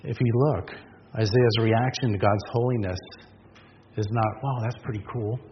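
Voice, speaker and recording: This preacher has a lowish voice with fairly even intonation and a moderate pace. Earnest and emphatic, he asks the congregation rhetorical questions, captured in a dull, lo-fi recording with long reverb and faint noise.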